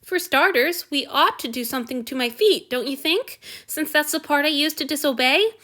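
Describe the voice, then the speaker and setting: A woman's voice: high voice, sing-song, unhurried, a bit bright, pitched above the performer's own voice, full character voice. Woman reading as a meek pleading male servant. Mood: eager. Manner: pleading, self-abasing. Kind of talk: audiobook reading.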